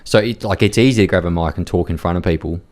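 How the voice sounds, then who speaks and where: A man's voice: sits low, fast talker, darkish tone. A man, a podcast guest, telling a story in a blunt, rambling way with fillers and swearing. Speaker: podcast guest, war reporter. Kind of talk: casual storytelling chat.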